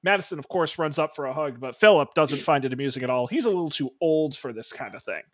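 A man's voice: fairly high pitch, animated, quick pace, no echo, studio quality. A man running an improvised story game as narrator, playful and rambling. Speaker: game master.

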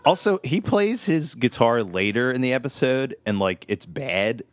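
A man trades jokes on a casual podcast, chiming in with quick asides while the group recaps an episode. His pitch moves around a lot. The sound is dry and close, with little room echo. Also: lively intonation. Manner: jokey, throws in silly put-on voices. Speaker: podcast co-host. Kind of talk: casual chat.

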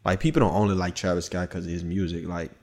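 A man co-hosting a podcast in casual chat, thoughtful and relaxed, often hedging his views. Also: low voice, quick pace. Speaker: podcast co-host.

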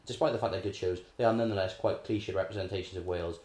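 A man talks casually, half explaining and half joking, in a very low voice. His voice bounces around a reverberant room. He sounds relaxed and chatty, with a lecturing edge. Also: rapid-fire. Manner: chatty, lecturing, laughs at his own asides. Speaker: podcast co-host explaining political theory. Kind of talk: casual conversational chat. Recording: echoey room.

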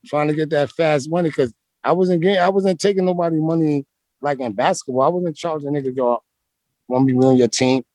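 A man's voice: fairly high pitch, a little fast, a little mellow. A man from Brooklyn, telling rambling, slangy street-basketball stories as an interview guest. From Brooklyn, New York. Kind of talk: casual storytelling interview.

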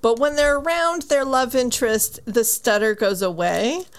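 A woman co-hosting a podcast, chatting casually about books in an emphatic, expressive way. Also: a little high, normal speed. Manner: emphatic, expressive, acts out quotes. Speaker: podcast co-host. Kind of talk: casual book discussion.

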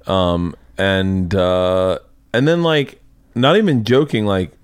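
A man's voice: sits low, takes it slowly, clear, resonant tone, dry recording, studio quality. A man in his forties hosting a podcast, a comedian talking casually, crude and swearing, often restarting his sentences. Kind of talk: casual conversation. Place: indoor home studio room.

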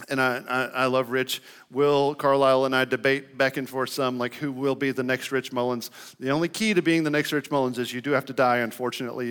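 A man's voice: on the high side, a bit bright. A young man preaching a sermon in a loose, conversational way, often saying "like". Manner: conversational, lots of "like" fillers. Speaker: pastor.

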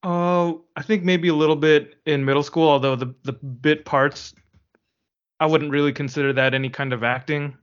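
Man, podcast co-host, upbeat teasing banter, slightly high voice, dull lo-fi mic. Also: fairly even intonation, moderate pace. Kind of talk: casual chat.

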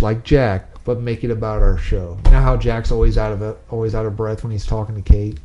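Brief: man, podcast host, rambling jokey chatter, mellow sound. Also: medium pitch, a little fast, hardly any pauses, dull audio, slight background noise. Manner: joking, rambling, animated. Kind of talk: casual chat.

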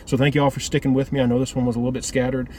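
A man with a medium-pitched, dark voice and little pitch movement speaks rapid-fire in an earnest, informal devotional talk. The preacher rambles, often looping back to restart his phrases, over a little hiss or hum.

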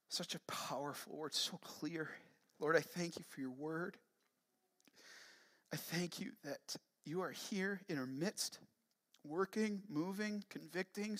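A man preaching a sermon as pastor, fervent and emphatic, then settling into a soft, earnest prayer. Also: a little high, a little slow.

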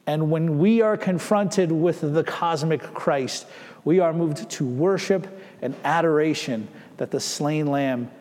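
A man's voice: fairly high pitch, darkish tone, long reverb tail. A man preaching a sermon as a pastor, speaking conversationally and acting out the people in the story. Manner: conversational, acting out quoted voices.

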